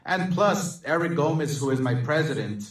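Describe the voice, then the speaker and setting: A man's voice: a little high, animated, normal speed. Man explaining himself defensively, far from the mic in an echoey room. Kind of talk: press statement.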